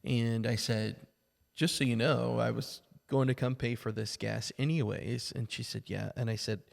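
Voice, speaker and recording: A man's voice: mid-range voice, fairly even intonation, moderate pace, creaky, long reverb tail. A man co-hosting a church podcast, telling a personal story in casual conversation, rambling along with plenty of fillers.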